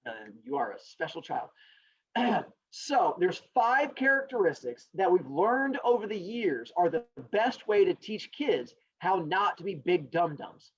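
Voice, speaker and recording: A man teaching a class, animated and joking as he talks straight to his students. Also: sits high, unhurried, breathy edge, no room sound. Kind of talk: recorded classroom lecture. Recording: dull lo-fi sound.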